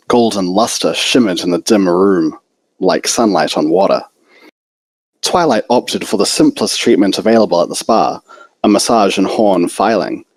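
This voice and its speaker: A man's voice: sits low, dry recording, low-quality recording. A man reading a fan-written story aloud, unedited, now and then stumbling, restarting a phrase, or dropping a casual aside. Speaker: fanfiction reader.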